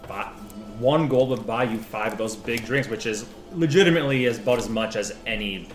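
A man's voice: medium pitch, fairly quick. Male game master, chatty and rambling, room echo with background music. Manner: rambling, animated, frequent restarts. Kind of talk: narrating a tabletop game. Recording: roomy echo with music behind.

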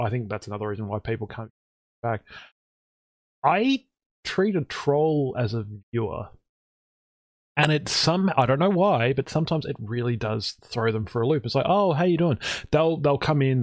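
A podcast host and streamer with an ordinary-pitched voice chats casually, spinning long anecdotes with lively energy. As an animated storyteller, he often leaps into high, excited voices when quoting himself. The sound is dry and close, with no room sound at all.

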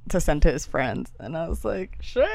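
Giggly young woman, lowish dry voice. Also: big pitch swings, normal speed, vocal fry, darkish tone, no echo. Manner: giggly storytelling, acts out quoted voices. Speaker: podcast co-host. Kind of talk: casual chat.

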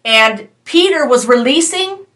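A woman's voice: high-pitched, animated, a little slow, a bit bright. A woman sharing a prophetic word in an earnest, conversational way, talking straight to her listeners. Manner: earnest, conversational, addresses listeners as "you guys". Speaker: prophetic preacher.

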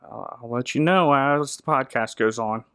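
A young man hosting a podcast in a playful, joking manner. His voice is bright and crisp, and the recording is dry and close. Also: medium pitch, moderate pace, no echo. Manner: jokey and playful. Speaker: podcast host. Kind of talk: casual comedic chat.

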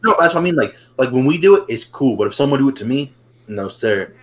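A man's voice: mid-range voice, lively intonation, fast talker, low-quality recording. A laid-back man co-hosts a casual podcast. He talks in an easygoing way, swears freely and laughs a lot. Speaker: podcast co-host. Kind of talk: casual chat.

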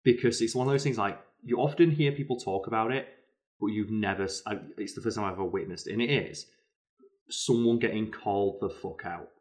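A British man co-hosting a casual chat, telling stories in an animated way with lots of fillers. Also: on the low side, fairly quick. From Britain. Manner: animated storyteller, many fillers. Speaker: podcast co-host.

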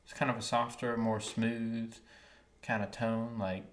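A man's voice: fairly low pitch, little pitch movement, unhurried. Podcast co-host, man, Wilmington Southern accent, rambling with lots of ums, roomy sound. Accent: Wilmington North Carolina Southern. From Wilmington, North Carolina. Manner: rambling, searching for words with many ums. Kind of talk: casual podcast chat. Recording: echoey room.

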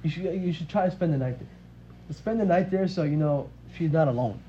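A man's voice: on the high side, brisk, mellow, lightly acted. A man playing a coaxing tempter devil. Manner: coaxing, casual persuasion. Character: scheming male devil whispering temptations. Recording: dull lo-fi audio with faint hiss.

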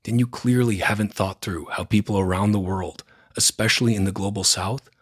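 A man's voice: fairly low pitch, fairly even intonation, fairly quick, slightly rough. A man hosting a news roundup podcast, reading from a script in a blunt, sarcastic, opinionated way. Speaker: podcast host.

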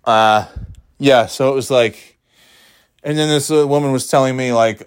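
A man's voice: mid-range voice, moderate pace, clean tone, no echo, clean studio sound. A man delivering an exasperated, profane, sarcastic ranting monologue.

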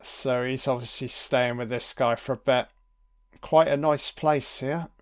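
A man talking through a film in a loose, sweary, wry way. He takes his time, with plenty of pauses. His voice sits mid-range and sounds clear and smooth. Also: medium pitch, fairly even intonation. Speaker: film commentator. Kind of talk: casual audio commentary over a film.

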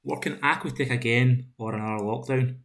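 A man hosting a podcast, talking in a relaxed, jokey way with some swearing. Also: medium pitch, a little fast. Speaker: podcast host. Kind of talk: casual podcast chat.

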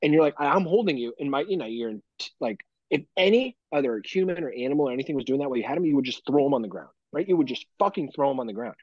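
A man co-hosting a podcast in casual chat, swearing freely and telling animated stories about his kids. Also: medium pitch, very fast, slightly rough, no echo, muffled recording. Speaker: podcast co-host.

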